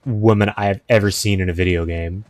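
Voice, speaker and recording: A man's voice: deep voice, fairly even intonation, fairly quick, a little mellow, no room sound. Chatty male game streamer. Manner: chatty, musing aloud, easily impressed. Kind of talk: casual gameplay commentary.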